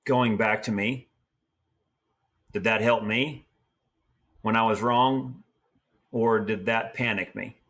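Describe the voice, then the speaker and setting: A man's voice: fairly low pitch, slow pace, pauses often. Folksy man telling a story. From Oregon, US. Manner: folksy, animated storyteller acting out quotes. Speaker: guest, team roper and trainer. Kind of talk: casual storytelling.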